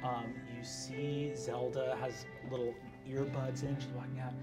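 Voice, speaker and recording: A man's voice: medium pitch, little pitch movement, unhurried, loud music behind the voice. Casual man narrating as game master. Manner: casual, filler-heavy narration.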